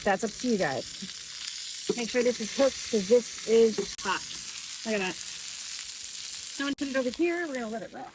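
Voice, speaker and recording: Casual cooking vlogger, a woman with a fairly high voice, talking through each step outdoors. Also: animated, normal speed, long pauses, background noise. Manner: chatty, thinking aloud while cooking. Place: outdoors by a camper.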